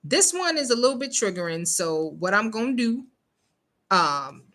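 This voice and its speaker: A woman delivers casual news commentary with a bright, animated voice. She leans on each point, asks rhetorical questions and keeps checking in with "okay?". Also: fairly high pitch, normal speed. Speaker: show host.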